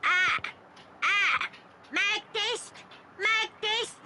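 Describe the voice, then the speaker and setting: A woman voicing a gleeful male robot bear headmaster in a game, with a high sing-song cartoonish voice. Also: fairly even intonation, drawn-out words, bright, forceful tone, a little hiss or hum, exaggerated voice. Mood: playful announcing. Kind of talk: Japanese game voice acting.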